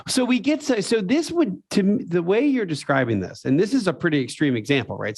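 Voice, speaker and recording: A man's voice: high-pitched, big pitch swings, fairly quick, hardly any pauses, a little mellow. A man hosting a podcast interview, chiming in with short reactions and curious follow-up questions. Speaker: podcast host.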